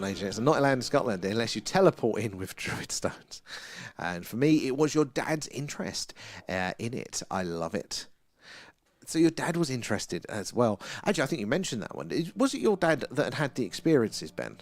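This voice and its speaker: A man's voice: mid-range voice, very animated, fairly quick. A middle-aged man with an English accent hosting a live stream, chatting with viewers and reading out their comments in a rambling, friendly way. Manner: chatty and rambling, reads out chat names, laughs often. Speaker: livestream host.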